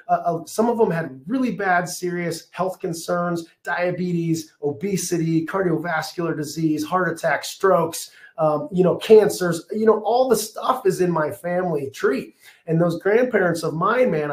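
A man in his thirties giving a passionate, fast, emphatic webinar presentation from his office, his voice a bit strained. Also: high voice, reverberant. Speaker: functional medicine practitioner presenting a webinar.

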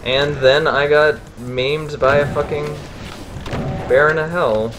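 A man's voice: a little high, fairly even intonation, takes it slowly. A man casually commenting on his own game stream, often breaking into exasperated swearing when things go wrong. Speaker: gamer streaming a playthrough. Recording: game music and sounds behind.

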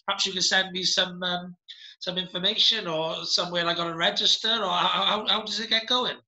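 A middle-aged man hosting a podcast, talking in an unhurried, rambling way with many hesitations. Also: high-pitched, steady tone, sharp tone. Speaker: podcast host. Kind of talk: casual interview chat. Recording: roomy echo.

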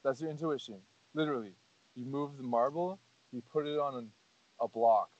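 Guy hosting a chill podcast, kinda rambly and earnest, average pitch, muffled lo-fi audio. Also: normal speed, darkish tone, dry recording. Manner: rambling, earnest, heavy on "like" and "you know". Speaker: podcast host. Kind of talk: casual podcast chat. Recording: dull lo-fi audio.

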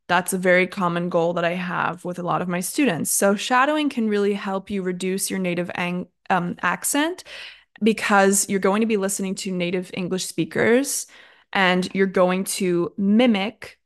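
A young woman teaching an online English lesson in a chatty, clear and encouraging way, with casual filler words. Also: medium pitch.

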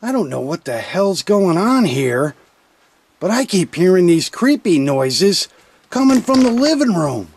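A man narrating a crude comedy video, shouting rhyming insults with exaggerated outrage. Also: high voice, very animated, measured pace, breathy edge.

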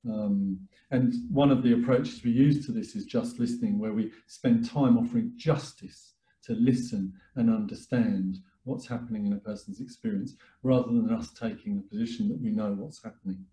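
A man giving a webinar talk as a therapist, speaking calmly and reflectively with frequent fillers and restarts. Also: fairly low pitch, moderate pace. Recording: echoey room.

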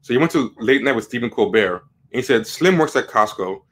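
A man's voice: medium pitch, lively intonation, a little fast, a bit bright. A man hosting a casual commentary livestream, rambling with many fillers and restarts as he reads quotes aloud from the web. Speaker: livestream host.

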